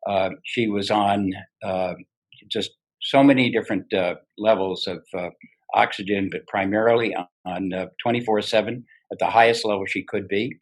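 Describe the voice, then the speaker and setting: A man gives a hesitant thank-you speech on behalf of his late wife, often pausing on fillers. His voice is fairly low. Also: steady tone, poor audio. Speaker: honoree's husband.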